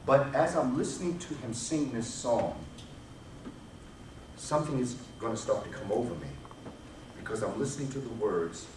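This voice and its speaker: Recorded from afar in a noisy, echoey hall, a man with a low-leaning voice lectures an audience in an emphatic, preacher-like style, repeating himself to drive points home.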